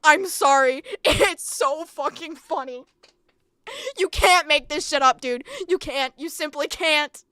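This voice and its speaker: High bright excitable woman streamer. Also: slow pace, no echo. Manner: excitable, profane, rambling with frequent laughter. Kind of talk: live reaction commentary.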